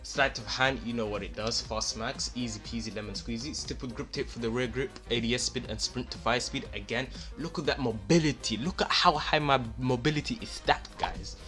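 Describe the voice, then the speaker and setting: A man and gaming YouTuber giving excited gameplay commentary, hyped and exclaiming often, voice a bit worn. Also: mid-range voice, fairly quick, few pauses, soft background music. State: losing his voice a little.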